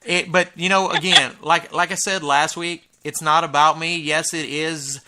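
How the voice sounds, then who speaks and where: A man hosting a country music radio show, chatting with an energetic manner and frequent stumbling repetitions. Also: on the high side, moderate pace. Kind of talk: casual radio chat.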